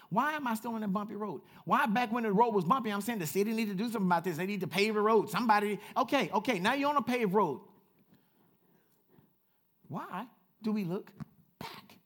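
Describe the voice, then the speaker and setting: High-pitched pastor preaching in church, gets loud and repeats himself, then talks easy with the crowd. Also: male voice, quick pace. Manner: animated preaching, swinging from quiet asides to shouted repetition; chatty with the congregation, laughs at himself. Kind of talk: preaching a sermon.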